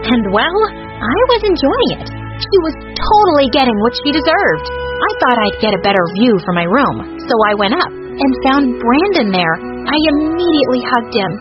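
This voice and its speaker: A woman's voice: high voice, big pitch swings, moderate pace. A woman narrating a first-person storytime in a dramatic, exclaiming way. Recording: muffled, lo-fi, with music.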